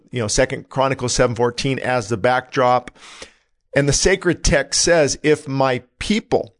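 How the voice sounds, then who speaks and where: A man preaching a sermon in an earnest, urgent way, pleading and repeating calls to repent. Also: medium pitch. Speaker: pastor.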